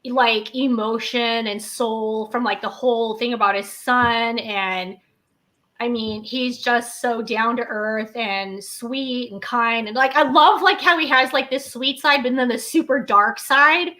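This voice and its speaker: A woman's voice: on the high side, steady tone, a little slow, bright, forceful tone. A woman co-hosting a casual livestream chat, bubbly and gushing, with lots of "like"s. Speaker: co-host of a livestream.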